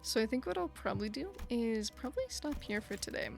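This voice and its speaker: Young woman streamer, tired and breathless, higher voice with a fry edge, casual and chatty. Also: lively intonation, fairly quick, soft background music. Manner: chatty, sympathetic, frequent fillers and soft laughs. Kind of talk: casual live-stream chat, reading chat aloud.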